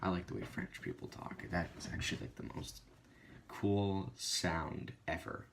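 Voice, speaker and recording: A man's voice: sits low, expressive, unhurried, vocal fry, a little hiss or hum. A young man recording an advice video, stumbling over his script and mocking his own mistakes. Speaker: vlogger filming outtakes.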